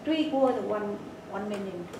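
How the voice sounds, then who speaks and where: A woman's voice: mid-range voice, animated, unhurried, mellow, a little hiss or hum. Distant woman, hesitant. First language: Vietnamese. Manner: hesitant, helpful explaining. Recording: echoey room, far from mic.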